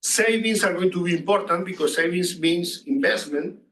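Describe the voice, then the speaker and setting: Male lecturer, high voice, repeats himself, roomy distant sound. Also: moderate pace, fairly bright tone. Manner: questions the students, repeats phrases. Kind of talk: classroom lecture. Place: classroom. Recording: echoey distant room recording.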